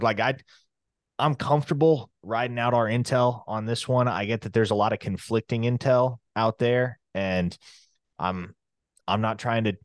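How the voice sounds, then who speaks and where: A man's voice: mid-range voice, no room sound, clean studio sound. A man who reports on recruiting, co-hosting a sports podcast in a confident, matter-of-fact way. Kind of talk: casual sports chat.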